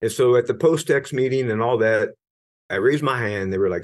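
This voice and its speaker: A middle-aged American man with a lowish voice speaks a bit quickly. He's a retired Navy senior chief telling his own story candidly in an interview, earnest and sometimes emphatic, and he often restarts his sentences.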